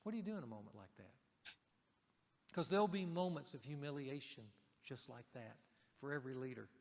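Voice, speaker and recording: A male pastor preaching a sermon in a conversational way, raising his voice for emphasis and dropping it softly for key points. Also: medium pitch, lively intonation, a little fast, vocal fry, long reverb tail, a little hiss or hum.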